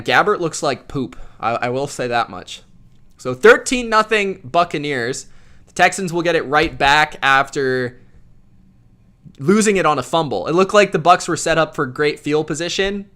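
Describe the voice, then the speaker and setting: A man hosting a live football reaction stream, reading viewer chat aloud and commenting in a loud, slangy, casual way. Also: on the high side. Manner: loud, self-described yeller, slangy with frequent "bro".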